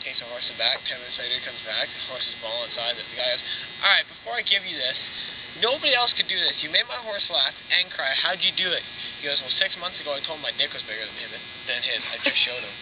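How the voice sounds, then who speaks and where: Young dude quick deadpan joke telling, dull noisy lo-fi sound. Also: male voice, mid-range voice. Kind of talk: telling jokes among friends.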